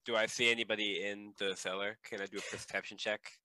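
A man's voice: lowish voice, little pitch movement, fast, bright, forceful tone, no room sound, low-quality recording. A man playing a tabletop game, talking casually and filling with "like". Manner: casual, lots of "like". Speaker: player.

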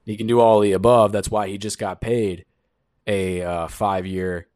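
Deep-voiced man riffing on sports. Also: steady tone, a little mellow, no echo. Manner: fast riffing, joking asides, opinionated. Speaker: sports commentator. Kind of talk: casual sports talk.

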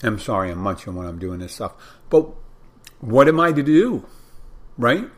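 Husky-voiced man rambling on a podcast. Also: mid-range voice, big pitch swings, moderate pace. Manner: rambling, chatty, self-correcting. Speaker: podcast host, bartender. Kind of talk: casual solo podcast talk. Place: home in the Florida Keys.

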